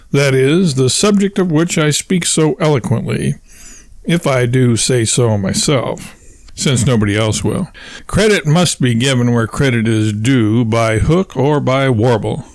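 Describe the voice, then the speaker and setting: A man's voice: mid-range voice, a little mellow, no echo. Pompous windbag husband going on and on, read by a guy, dry close sound. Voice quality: pompous, wordy, lecturing. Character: pompous long-winded husband, self-styled colonel.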